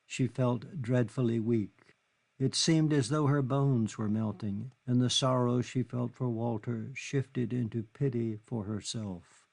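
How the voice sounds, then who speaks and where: A man narrating a literary novel in a measured, steady reading. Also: mid-range voice, gravelly. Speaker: audiobook narrator.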